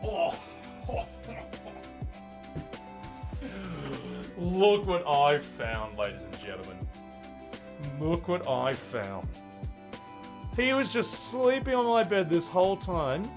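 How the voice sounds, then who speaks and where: A man's voice: fairly high pitch, lively intonation, slow pace, long pauses, music in the background. A man in his thirties chatting casually and animatedly on a live game stream, laughing often. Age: 30s.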